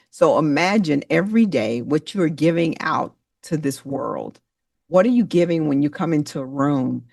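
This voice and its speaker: A woman's voice: sits low, creaky, no room sound, far from the mic. A woman giving a motivational talk, emotional and preacher-like, calling on listeners by name. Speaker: motivational speaker.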